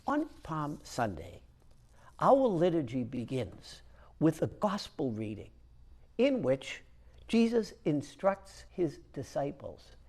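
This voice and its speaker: A man who is a Catholic priest, giving a conversational homily with storytelling and frequent hesitant pauses. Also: fairly high pitch, wildly swooping pitch, a little mellow.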